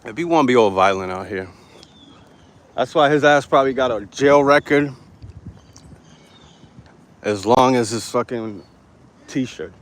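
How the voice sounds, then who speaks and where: A man's voice: mid-range voice, measured pace, pauses often. A man live-streaming from a phone as he walks city sidewalks, talking to the camera in a brash, defiant, profane way, hot and sweating. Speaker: street vlogger. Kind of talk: live-streamed walking vlog. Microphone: handheld phone. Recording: faint outdoor street noise. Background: street traffic ambience.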